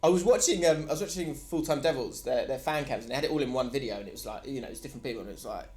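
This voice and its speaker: A man with a Cockney accent co-hosting a football podcast, chatting and telling stories with quick asides. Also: medium pitch, a little mellow. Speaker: podcast co-host. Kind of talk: casual chat.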